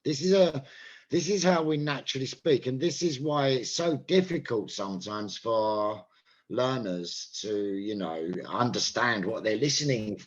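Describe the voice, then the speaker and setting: A man's voice: mid-range voice, animated, unhurried. English man teaching over muffled call audio. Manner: explains patiently, demonstrates stress by repeating sentences. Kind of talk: online English lesson.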